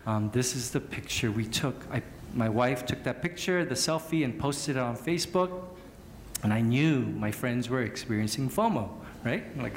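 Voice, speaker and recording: A pastor in his thirties from Southern California preaches a sermon, telling stories in an animated, joking, self-mocking way. His voice is medium-pitched at a moderate pace, with roomy sound and slight background noise.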